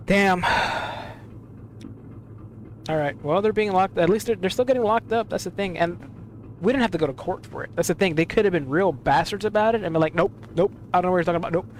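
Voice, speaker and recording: A man's voice: sits high, brisk. A young man giving casual gameplay commentary as a streamer, swearing often and leaning on fillers. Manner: profane, emphatic, filler-heavy. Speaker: gaming streamer. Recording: game music underneath.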